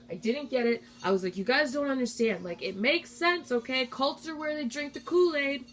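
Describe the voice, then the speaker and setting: A woman's voice: mid-range voice, fairly bright tone, a little hiss or hum. A young adult woman hosting a live stream, talking candidly and heartfelt in a rambling, casual way.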